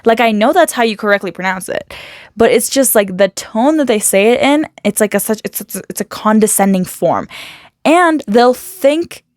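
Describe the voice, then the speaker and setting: A woman talking casually to camera in a motivational vlog, chatty and animated, full of quick asides and filler words. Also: on the high side, dry recording, clean studio sound. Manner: chatty and talkative, self-described loud. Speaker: motivational vlogger.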